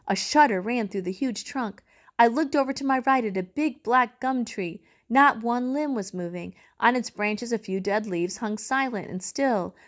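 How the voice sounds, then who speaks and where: A woman reads a novel aloud in an expressive, measured storytelling voice. Her pitch sits in the middle range. She paces the story with care. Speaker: reader.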